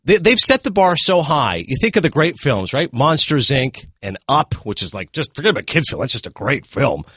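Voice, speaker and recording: A man reviewing films in a casual chat, animated and retelling scenes with quick asides. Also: mid-range voice, breathy edge, no room sound. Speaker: film critic.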